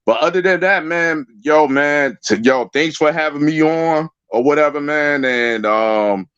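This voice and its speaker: A man's voice: fairly high pitch, unhurried, a bit bright, clean tone, no room sound. A man calling into a livestream, talking loosely with lots of slang and fillers. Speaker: guest caller. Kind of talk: casual call-in chat. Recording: dull, lo-fi dry sound.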